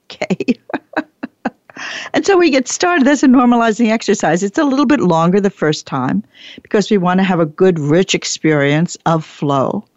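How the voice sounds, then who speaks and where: A woman giving a training talk, animated, acting out bits of dialogue and repeating her points for emphasis. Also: mid-range voice, normal speed, no echo. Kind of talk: lecture presentation. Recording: dull lo-fi dry recording.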